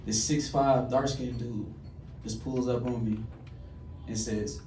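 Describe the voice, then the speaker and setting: A male stand-up comedian telling a story on a club stage, animated, jumping to loud high bursts on the punchlines. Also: slow pace. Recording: echoey club, distant mic, audience noise.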